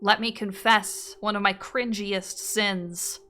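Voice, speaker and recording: A woman streamer reading out viewer confessions and reacting in an animated way, often breaking into laughter and swearing freely. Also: medium pitch, slow. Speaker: streamer host.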